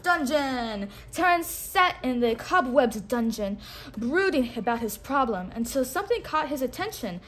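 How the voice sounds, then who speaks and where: A woman reading a storybook aloud expressively, pausing to have a listener repeat words. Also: high voice, big pitch swings, fairly bright tone. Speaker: storybook reader. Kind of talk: read-along storytelling for a child.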